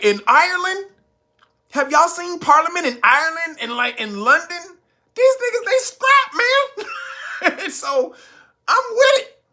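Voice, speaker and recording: Male podcast host, high and sharp-toned, crude comic rant full of laughs. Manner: laughing often, acting out quotes loudly. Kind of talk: profane comedic commentary.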